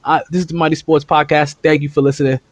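A man's voice: a little high, flat delivery, fast talker. A man hosting a casual sports podcast, laughing often and rambling, recorded on his phone. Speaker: podcast host.

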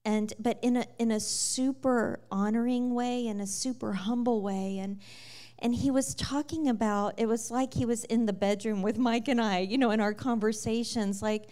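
A woman telling the story of her conversion in a lively, casual way, with many fillers and frequent laughter. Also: on the high side, normal speed. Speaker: guest sharing her testimony. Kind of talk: personal testimony storytelling.

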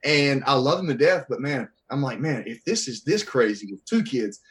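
Podcast guest, man, 30s, from the Southern US, lively storyteller who acts out quotes. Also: mid-range voice, normal speed. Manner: animated, acts out quoted voices. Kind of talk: casual storytelling.

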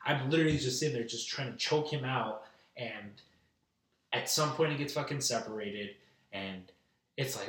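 A man's voice: mid-range voice, measured pace, fairly bright tone. Young man telling a profane rambling story. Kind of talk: casual story in chat. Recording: roomy, distant mic.

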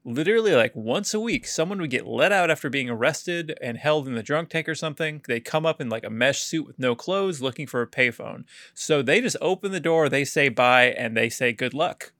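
A man's voice: mid-range voice, animated, brisk, few pauses, a bit bright, no echo. Wry man in his thirties, dry mic. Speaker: podcast co-host. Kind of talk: casual chat. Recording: dry close recording.

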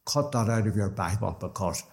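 A man's voice: lowish voice, expressive, brisk, vocal fry, pitched below the performer's own voice. A preacher voicing a bossy older man from the south of Ireland with a southern Irish brogue, challenging and blunt. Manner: blunt, challenging, sharply raised.

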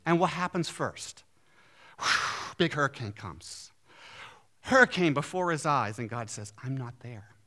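A man preaching a sermon in an animated way, often asking his listeners questions. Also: a little high, measured pace, long pauses. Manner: animated, asks the audience questions.

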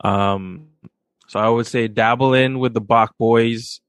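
A man's voice: mid-range voice, steady tone, takes it slowly, a bit bright, clear, resonant tone, no echo. A man co-hosting a casual podcast, easygoing with lots of ums and likes. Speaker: podcast co-host. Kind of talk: casual sneaker podcast chat.

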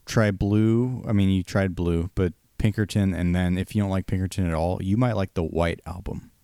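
A man co-hosting a podcast, chatting casually about albums in a relaxed, hesitant way. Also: low voice, moderate pace, clear, resonant tone, no echo, clean studio sound. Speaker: podcast co-host. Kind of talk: casual chat about music.

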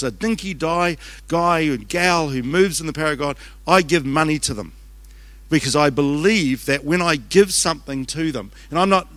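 A man with a New Zealand accent preaches quickly and casually, with frequent restarts and jokes. His voice sits a little high for a man and sounds bright and forceful. The sound is close and dry, with little room echo. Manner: fast-talking, joking and conversational, with restarts. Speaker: pastor. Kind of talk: conference sermon. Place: church auditorium. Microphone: handheld microphone.

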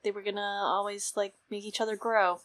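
A woman co-hosting a podcast who explains things in a chatty, easygoing way. Her voice is bright and sharp, at a middle pitch. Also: level tone, brisk. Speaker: podcast co-host. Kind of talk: casual chat.

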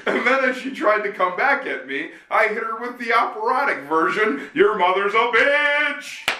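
A man co-hosting a casual comedy podcast, firing off quick, wisecracking retorts. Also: high-pitched, big pitch swings, sharp tone, recorded from a distance. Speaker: podcast co-host. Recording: echoey room, off mic.

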